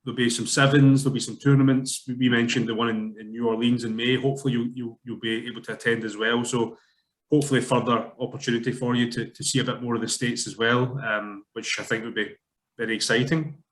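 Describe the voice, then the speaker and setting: A man's voice: mid-range voice, little pitch movement, quick pace. A man interviewing a student player, asking friendly, encouraging questions. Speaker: interviewer, program founder. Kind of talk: casual interview.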